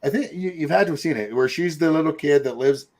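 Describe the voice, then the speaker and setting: A man's voice: on the high side, fast talker, darkish tone. A middle-aged man, hosting a show in casual, rambling chat full of fillers and asides. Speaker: podcast host.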